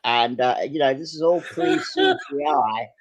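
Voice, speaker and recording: An older man, a guest actor and writer, telling lively, self-deprecating anecdotes with some hesitation in casual chat. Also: fairly high pitch, unhurried.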